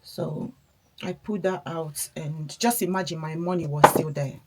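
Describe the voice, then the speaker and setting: A woman's voice: on the low side, measured pace, creaky, darkish tone, a little hiss or hum. A woman chatting casually while doing her makeup, a mother talking in a reflective, encouraging way. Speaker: beauty vlogger, mother.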